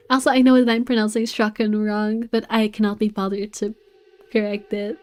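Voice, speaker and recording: Giggly streamer woman, mellow voice. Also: medium pitch, little pitch movement, normal speed, long pauses. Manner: giggly, self-mocking asides. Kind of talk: casual commentary while playing. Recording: faint game music behind.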